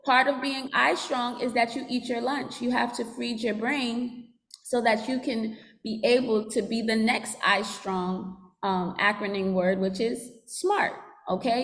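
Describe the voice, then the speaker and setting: A woman's voice: a little high, steady tone, measured pace. Brief: woman social worker addressing students, teacherly, in a reverberant large room. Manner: teacherly, asks class to repeat and write. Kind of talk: school assembly talk to students.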